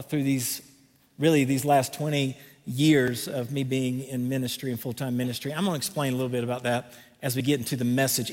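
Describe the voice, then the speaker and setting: A middle-aged pastor from North Carolina with a Southern accent, preaching a folksy, enthusiastic sermon from a church stage. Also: male voice, on the high side. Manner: folksy and enthusiastic, joking with the congregation. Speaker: guest pastor. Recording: long reverb in a large hall with a congregation.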